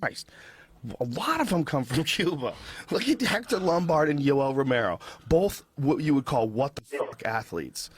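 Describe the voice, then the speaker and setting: A man hosting a podcast in casual chat, curious and expressive, asking follow-up questions. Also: fairly high pitch, normal speed, breathy edge. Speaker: podcast host.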